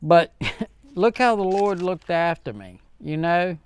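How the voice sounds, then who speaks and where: A man hosting his own vlog, talking earnestly and heartfelt to viewers in a halting way, with many fillers and restarts. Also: sits high, lively intonation, smooth. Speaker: channel host. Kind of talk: casual vlog talk to viewers.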